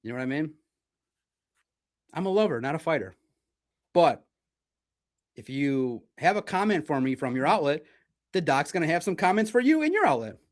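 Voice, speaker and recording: A man's voice: on the high side, sing-song, normal speed, long pauses. Blunt, profane male sports podcast host. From Detroit, United States. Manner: blunt, combative, profane rant. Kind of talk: livestream sports podcast commentary.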